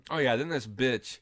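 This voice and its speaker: A man's voice: mid-range voice, dry recording, clean studio sound. A tipsy young man co-hosting a movie review podcast, chatting casually with lots of swearing and mocking the characters. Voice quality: animated, swearing, mocks characters with voices. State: tipsy from drinking.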